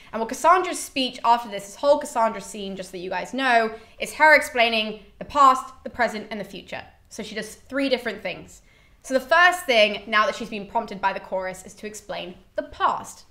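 Chatty young woman retelling a story. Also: on the high side. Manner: chatty, animated retelling with quick character voices. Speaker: host. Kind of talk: casual storytelling summary.

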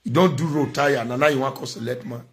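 A man's voice: medium pitch, steady tone, fast talker. A middle-aged man with a Nigerian accent, giving a preachy, scolding monologue as a social media commentator. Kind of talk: impassioned monologue.

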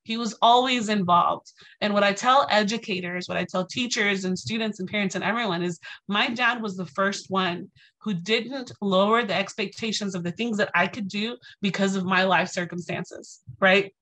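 Bright-voiced woman telling life stories. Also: medium pitch, moderate pace, rough recording. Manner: lively storytelling, acts out quoted voices; frequent fillers like "you know" and "right". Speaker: speaker. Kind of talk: inspirational lecture.

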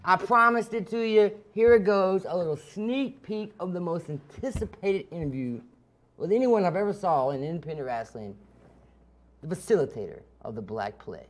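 Excitable, jokey wrestling show host man. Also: high-pitched, normal speed. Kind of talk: comedic wrestling talk show. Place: outdoors in woods.

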